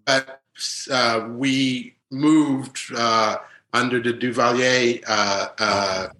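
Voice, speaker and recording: Halting, bright-voiced doctor in an echoey room. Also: male voice, mid-range voice, fairly even intonation. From born in Haiti, raised in New York. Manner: halting, thoughtful, full of uhs. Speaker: physician guest. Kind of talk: interview answers.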